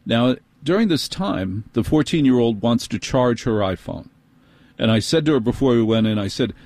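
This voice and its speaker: A man's voice: medium pitch, no echo. Exasperated middle-aged New man ranting. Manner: exasperated, fast, animated storytelling. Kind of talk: comic storytelling rant.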